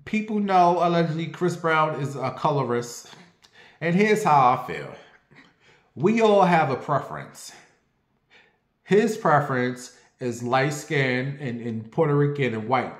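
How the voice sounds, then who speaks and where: In an echoey room, a man with a fairly high-pitched voice films a casual online gossip rant. He's animated and sassy, brash and full of profanity.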